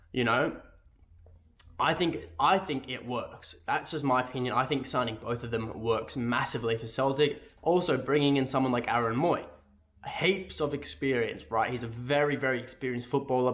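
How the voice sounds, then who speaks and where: A man's voice: mid-range voice, normal speed, a bit bright. A young Australian man giving his casual opinions in a football fan vlog, rambling and correcting himself as he goes. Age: young adult. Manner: rambling, self-correcting, keeps asking "right?".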